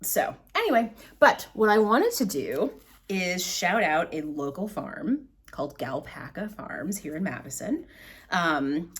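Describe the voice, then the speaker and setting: A middle-aged woman talks to her listeners in a loose, rambling podcast chat, poking fun at herself as she goes. Her voice sits fairly low but moves up and down a great deal. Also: very animated, measured pace, husky. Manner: rambling, self-deprecating, chatty storyteller. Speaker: podcast host. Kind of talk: casual chat. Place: at home, in front of bags of yarn.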